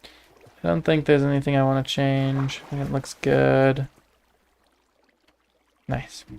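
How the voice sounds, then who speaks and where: A man's voice: medium pitch, completely flat delivery, slow, gravelly, darkish tone, clear, resonant tone. A man with a Canadian accent, chatting and telling jokey stories while livestreaming a game. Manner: joking, rambling storyteller. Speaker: livestreaming gamer. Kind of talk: casual gameplay commentary.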